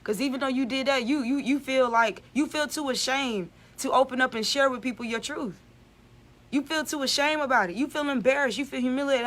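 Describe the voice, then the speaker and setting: A woman's voice: high voice, a little fast, fairly bright tone. A woman giving an emphatic, repetitive spiritual vlog monologue as a channeler.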